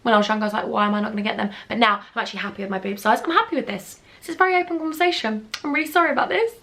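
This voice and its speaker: Young woman, bright voice, gushing storytime chat, pet names. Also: a little high, racing. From England. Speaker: beauty vlogger.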